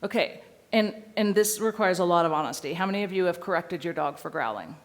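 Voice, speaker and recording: Talking fast in a lowish voice, a female dog trainer teaches a seminar audience with a lively, playful energy. She sometimes slips into a dog's voice to act it out.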